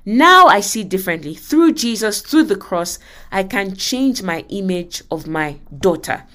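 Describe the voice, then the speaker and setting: A woman's voice: mid-range voice, animated, measured pace, a bit bright. A woman reading aloud the part of a distraught middle-aged mother pleading with her pastor. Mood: relieved. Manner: read aloud with rising emphasis.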